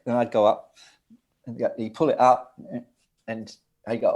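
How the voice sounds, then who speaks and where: A middle-aged man, a record producer telling laughing, lively anecdotes as an interview guest. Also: mid-range voice, a little fast. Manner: lively, laughing, with restarts and asides.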